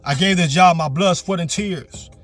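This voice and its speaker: A man's voice: sits high, moderate pace, fairly bright tone, soft background music. A man preaching a fervent, repetitive sermon from his parked car. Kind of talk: motivational sermon.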